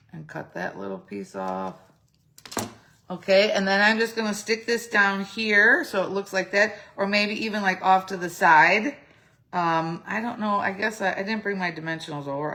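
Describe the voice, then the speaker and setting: Here a craft demonstrator, a middle-aged woman, chats her way through a casual step-by-step tutorial, thinking out loud and fixing her own slips. She speaks at medium pitch in a bright, forceful tone, her throat slightly phlegmy.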